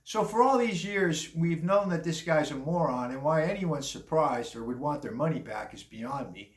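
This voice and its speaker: A man's voice: on the high side, expressive, normal speed. Rambling older man in an echoey room. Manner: rambling, blunt, chuckling asides. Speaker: commentary vlogger. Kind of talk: casual opinion monologue.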